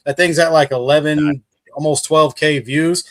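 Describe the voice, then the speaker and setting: A man's voice: a little high, fairly even intonation, normal speed. A man who is a guest on a livestream, chatting casually and enthusiastically with lots of fillers. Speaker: guest creator.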